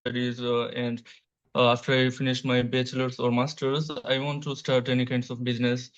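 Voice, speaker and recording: Young bangladeshi guy, smooth voice, pauses and ums a lot, muffled test recording. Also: medium pitch, completely flat delivery. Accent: Bangladeshi English. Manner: hesitant, many filler sounds, little energy. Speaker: speaking test candidate. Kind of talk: answering exam questions. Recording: dull lo-fi replayed test audio.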